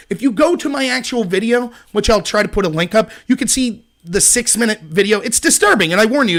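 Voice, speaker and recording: High-voiced man ranting on a livestream. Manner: animated, ranting, indignant. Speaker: political commentary host. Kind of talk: live-streamed political commentary.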